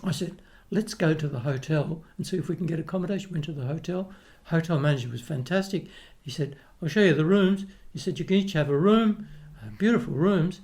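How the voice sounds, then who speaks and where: Gravelly older Australian man reminiscing. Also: a little high, fairly quick, few pauses, darkish tone. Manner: rambling anecdotes with frequent restarts and laughs. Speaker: guest, retired opera tenor. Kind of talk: casual chat, storytelling.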